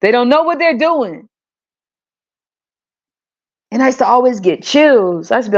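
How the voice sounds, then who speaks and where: Swearing freely and laughing a lot, this woman rants animatedly on her podcast in a casual monologue. Her pitch is fairly high, her pace moderate, and she pauses often. The audio is a little dull.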